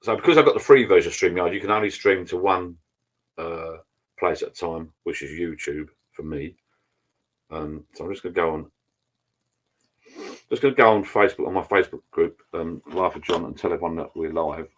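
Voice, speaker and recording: A man's voice: sits low, brisk. A middle-aged man, rambling casually on a live stream from his home bar and greeting viewers by name. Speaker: channel host. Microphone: laptop.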